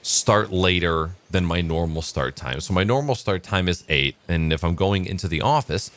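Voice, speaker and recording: Deep-voiced man rambling through a joke. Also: moderate pace. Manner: rambling, relaxed, many fillers. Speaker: vlogger. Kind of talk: casual joke telling and morning vlog.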